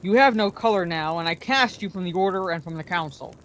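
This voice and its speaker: A woman's voice: medium pitch, animated, moderate pace, slight background noise, close to an everyday voice. A woman reading aloud, voicing an old male wizard who speaks sternly and with authority. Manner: stern and commanding.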